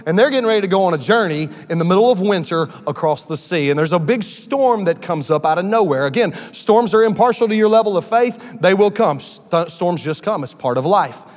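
A male pastor preaching a sermon in a church, acting out quotes with shifts in pitch and pace. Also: lively intonation, fairly quick, few pauses, big-room sound.

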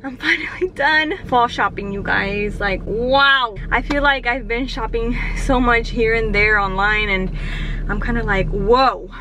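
A woman vlogger chatting casually and excitedly to her viewers. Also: a little high, measured pace, noisy background. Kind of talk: casual vlog chat to camera.

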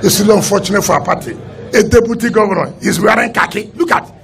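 A man's voice: sits high, fast, vocal fry. A man with a Nigerian accent, a state governor making an indignant, emphatic statement to the press. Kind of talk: heated political statement to the press.

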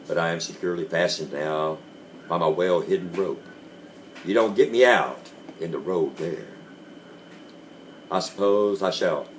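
A man giving a dramatic reading of a classic story, slow and deliberate with dramatic pauses. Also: sits low, a little hiss or hum. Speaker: reader.

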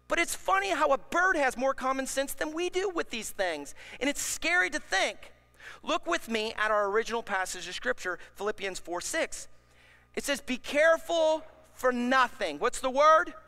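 A man preaching a sermon as pastor, animated and acting out worried voices for the congregation. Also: very high-pitched. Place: church sanctuary. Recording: long hall reverb.

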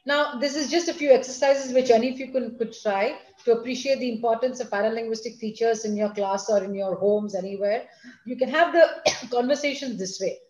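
A woman gives a lecture to students and parents, speaking in a teacherly way. She is expressive and talks straight to her listeners. Her voice sits a little high and carries a roomy echo. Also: brisk. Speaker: school principal giving a talk.

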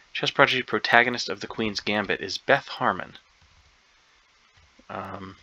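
Gravelly man muttering through a puzzle. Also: on the low side, pushed and bright. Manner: hesitant, unsure, many ums and self-doubts. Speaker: crossword solver. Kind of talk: thinking aloud while solving a puzzle. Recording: dull lo-fi recording.

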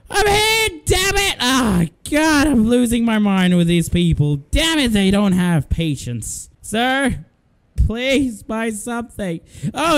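A man giving excitable, frantic let's-play commentary, often yelling at the game's customers. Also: high voice. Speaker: gaming video host.

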